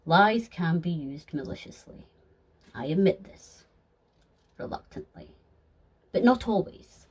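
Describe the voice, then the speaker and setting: A woman's voice: fairly low pitch, lively intonation, husky, full character voice. A woman voicing a sly, polished male deceiver who talks formally with dry sarcasm in a fan audio sketch. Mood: lecturing. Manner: formal, measured, dryly sarcastic.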